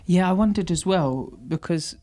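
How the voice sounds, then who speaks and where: A woman interviewer asking gentle, curious questions. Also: fairly low pitch, moderate pace.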